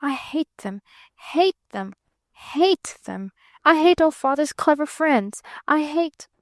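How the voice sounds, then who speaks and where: A woman's voice: sits high, animated, slow pace, no echo, clean studio sound, voice pushed up, heavily acted. A woman voicing a blunt, plaintive rich young girl in an audiobook reading. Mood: passionate.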